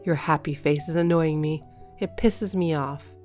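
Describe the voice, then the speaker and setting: A woman's voice: low voice, steady tone, unhurried, darkish tone, faint music behind. A woman voicing a spiteful, envious neighbor who speaks bitterly and resentfully.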